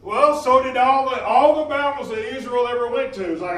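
A man preaching a sermon in a church, impassioned, swinging between loud emphasis and quieter stretches. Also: extremely high pitch, moderate pace, few pauses. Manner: impassioned, rising and falling in emphasis. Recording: echoey room from a distance.

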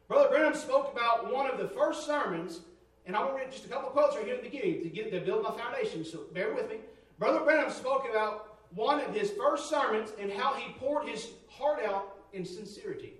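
A man preaching a sermon, fervent and swinging from near shouts to low storytelling tones. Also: lively intonation, fairly quick, recorded from a distance. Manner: fervent, rising to near shouts, dropping low for quoted stories. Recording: roomy echo, from off-mic.

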